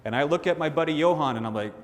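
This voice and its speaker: A man giving a motivational keynote, telling a personal story and acting out his friends' voices. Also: rapid-fire. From Canada. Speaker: keynote speaker. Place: large hall with audience. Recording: hall reverb, faint rumble.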